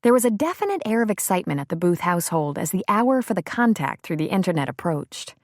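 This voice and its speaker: A woman with a fairly low-pitched voice narrates an audiobook in a measured, steady storytelling manner. This scripted narration is recorded dry with clean studio sound.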